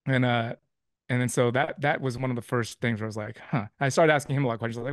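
A man's voice: medium pitch, fairly even intonation, rapid-fire, creaky, dry recording, clean studio sound. A man telling a personal faith testimony as a guest, rambling along with restarts and acting out what people said. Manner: rambling, with many restarts and quoted dialogue.

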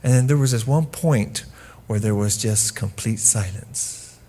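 A man preaching a sermon as pastor, speaking in an intimate, hushed way that sinks to whispers and then swells into forceful emphasis. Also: lowish voice, a little slow, a little hiss or hum. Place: church.

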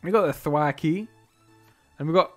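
A man chatting casually on a live stream as he opens card packs, excitable and quick to laugh, sometimes trailing off into quiet asides. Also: on the high side, soft background music. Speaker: streamer opening trading card boxes.

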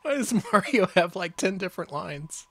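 Joking game streamer, lively pitch. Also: normal speed. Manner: joking commentary with frequent laughs. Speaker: co-host commenting on the game. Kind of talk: casual let's-play chat.

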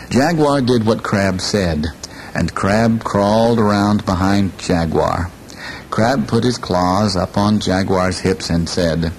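A man reading a children's story aloud, slow and lilting, inviting listeners to join in on the repeated parts. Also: on the low side, crowd noise, rough recording.

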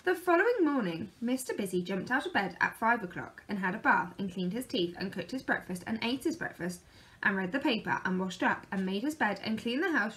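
A woman reading a children's picture book aloud in a lively, expressive way. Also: fairly high pitch. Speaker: storyteller.

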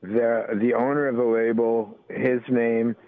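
Older American guest, rambling easy talk, dry phone-like sound. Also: male voice, mid-range voice, little pitch movement, unhurried, no room sound. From United States. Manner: rambling, full of "you know" fillers. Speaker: guest musician. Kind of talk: casual interview talk. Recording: tinny phone-line sound.

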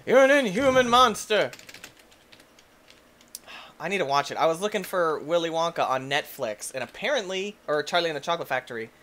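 A young man giving goofy, excitable commentary while he plays a video game, often yelping and shouting. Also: fairly high pitch, brisk. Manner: goofy and excitable, shouts and yelps, silly quoted voices. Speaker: gaming YouTuber. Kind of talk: energetic gameplay commentary.

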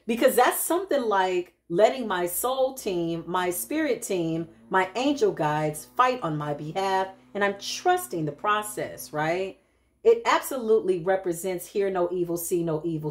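A woman giving a casual spiritual tarot reading, talking straight to her viewers in a chatty way with frequent tag questions. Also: medium pitch. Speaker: intuitive spiritual reader.

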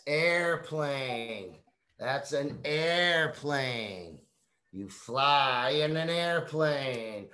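Woman teacher reading a picture book to little kids, low voice, super slow, keeps getting them to repeat words. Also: lively intonation, pushed and bright. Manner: slow, repetitive and coaxing, prompting children to repeat words. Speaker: kindergarten teacher.

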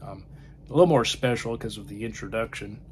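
In a lowish, slightly mellow voice and at a fairly quick clip, a man vlogs casually about films. He rambles and keeps trailing off to a murmur, and a little background noise is audible.

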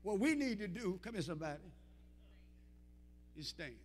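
A young adult man preaching a sermon as pastor, calling out to the congregation, building to shouts and sung, chanted lines. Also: high voice, sing-song, normal speed, big-room sound. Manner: call-and-response preaching, rising to shouts and sung phrases. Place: church sanctuary.

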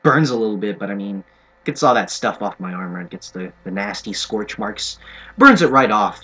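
On the low side with big pitch swings, a sharp tone and slight roughness, this young man talks at a moderate pace. He plays a shooter and delivers playful, sarcastic let's-play commentary with jokey asides, faint game music underneath.

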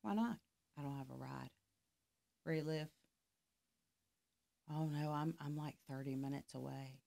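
Gravelly low-voiced woman telling a story. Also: measured pace. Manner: animated storyteller acting out dialogue. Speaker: podcast guest, life coach. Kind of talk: casual storytelling in conversation.

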